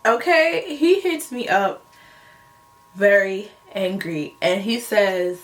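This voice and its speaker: A woman's voice: medium pitch, slow pace. A young woman vlogger tells a story in a casual, slangy way, often laughing as she goes. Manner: animated, laughing, slangy retelling.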